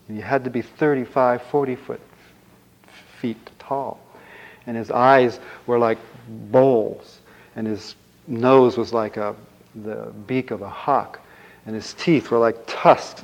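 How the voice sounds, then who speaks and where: A male meditation teacher telling a folk tale in a dharma talk, animated and full of vocal sound effects. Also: mid-range voice, low-quality recording.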